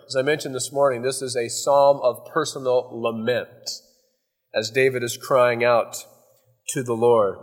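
A man's voice: medium pitch, little pitch movement, unhurried, in a large hall. A man preaching a verse-by-verse sermon as pastor, folksy and conversational, often acting out asides.

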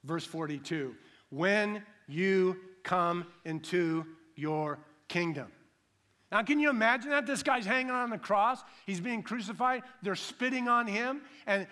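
A man preaching a sermon with emphatic delivery, swinging from loud to hushed, acting out quick imagined voices. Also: high-pitched. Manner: acts out imagined voices in quick dramatic bursts. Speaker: pastor.

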